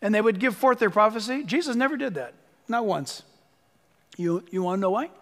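A man delivering a sermon in a voice pitched very high for a man, swinging widely up and down. He presses his points hard, repeating lines for stress and urging listeners to take notes. A long hall reverb trails every phrase. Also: expressive, a little fast, fairly bright tone. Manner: emphatic, urges listeners to write things down. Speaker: pastor.

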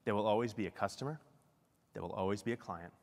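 A middle-aged man giving a lively, self-deprecating keynote talk at a conference. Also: fairly low pitch, fast, big-room sound. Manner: animated, self-deprecating storytelling. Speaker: keynote speaker. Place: large conference hall.

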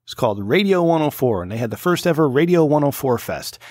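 A man's voice: on the high side, lively intonation, quick pace, a little mellow, dry recording, clean studio sound. A man in his late thirties hosting a podcast, telling a rambling, profane story in casual chat. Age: 30s. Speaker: podcast host.

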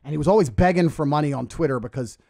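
A man from England telling a story on a podcast, boastful and animated, laughing often. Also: a little high, racing, creaky. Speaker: guest.

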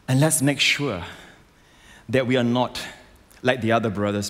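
A man preaching a sermon as a pastor, emphatic and rising to loud exclamations, on a stage microphone in a large church. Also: on the low side. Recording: long hall reverb.

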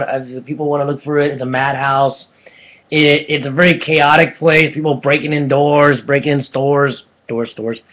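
A man giving a casual anime episode review, excitable and rambling, often restarting his sentences. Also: on the high side, poor audio.

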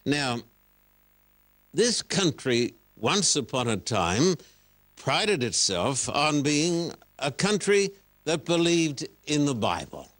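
A man's voice: on the high side, sing-song, slow, fairly bright tone. A man, a pastor, hosting a broadcast religious interview and pressing his guest with earnest, probing questions in a preacher's emphatic manner.

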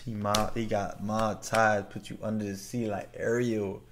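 Dude reacting to rap verses, slow drawl, keeps laughing and repeating lines. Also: male voice, lowish voice. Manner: excitable, laughs often, repeats lines back. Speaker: reaction video host. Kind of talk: casual reaction commentary.

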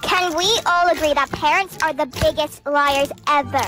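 A text-to-speech woman's voice reading a storytime in a quick, chirpy way. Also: high-pitched. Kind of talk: synthetic storytime narration. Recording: music bed under the voice.

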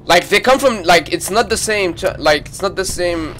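A man streaming live gameplay, reacting with loud excited exclamations and swearing. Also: high-pitched, normal speed, a little hiss or hum. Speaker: gaming streamer.

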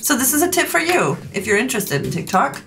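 A woman's voice: on the high side, very animated, fast talker, bright, forceful tone, faint music behind. A middle-aged woman, a game developer, chatting playfully and teasing her co-player during a gameplay session. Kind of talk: casual gameplay chat.

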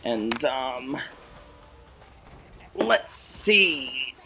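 A young man talks through his match in a bright, buzzy tone that leaps all over the place. He is excitable and foul-mouthed, and he breaks into laughter often. It sounds like casual gameplay commentary. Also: mid-range voice, extremely slow, vocal fry, faint music behind. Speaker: gamer.

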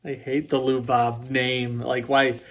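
A man's voice: medium pitch, level tone, takes it slowly, a crowd in the background. A man opening packs of baseball cards, rattling off player names with joking asides in a casual chat. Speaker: card breaker.

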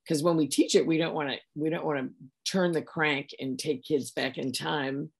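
Husky, gravelly-voiced woman educator. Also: low-pitched, steady tone, normal speed. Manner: enthusiastic, restarts phrases often. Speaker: director of education, guest. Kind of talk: conversational interview.

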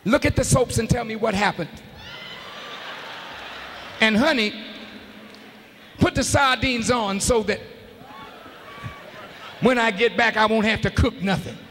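Man voicing a dismissive wife, drawling, offhand, bright tone, hall echo, faint crowd noise. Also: on the high side, unhurried, pauses often, voice pushed down. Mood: breezy. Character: lazy-talking wife bossing her idle husband.

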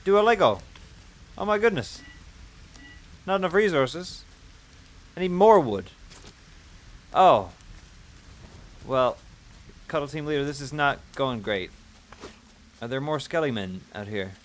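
A man hosting a gaming video, giving playful, self-mocking let's-play commentary that breaks into loud excited yelps. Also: fairly high pitch, unhurried, long pauses. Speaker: gaming channel host.

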